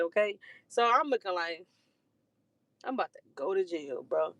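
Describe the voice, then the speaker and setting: Young adult, rambling profane storytime, animated delivery, dry close sound. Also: medium pitch, a little fast, no room sound. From Detroit. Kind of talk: casual storytime monologue.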